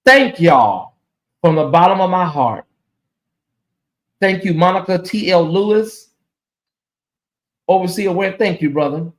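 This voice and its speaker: A man's voice: high voice, measured pace, long pauses. A man hosting a casual livestream, chatty and emotional, sounding sleepy as he thanks viewers by name. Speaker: livestream host.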